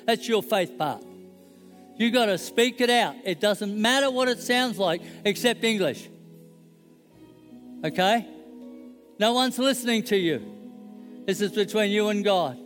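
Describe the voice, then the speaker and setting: A man's voice: high voice, fairly bright tone, in a large hall. A middle-aged man preaching a sermon in a conversational, joking way and checking in with his audience. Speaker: pastor.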